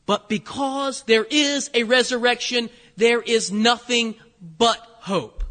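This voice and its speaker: Man, preacher, high bright voice, animated sermon, church hall reverb. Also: takes it slowly. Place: church sanctuary.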